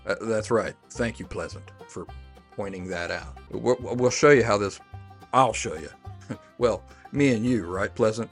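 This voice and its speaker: A man's voice: fairly low pitch, normal speed, faint music behind. Easygoing Appalachian woodsman host. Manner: easygoing, good-natured drawl. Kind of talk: casual unscripted demonstration.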